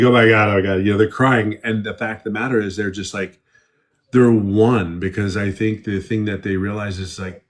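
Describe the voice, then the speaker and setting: Brief: middle-aged male guest, lowish voice, loose repetitive storyteller in a live chat. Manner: rambling, repeats himself while telling stories. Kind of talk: casual live interview.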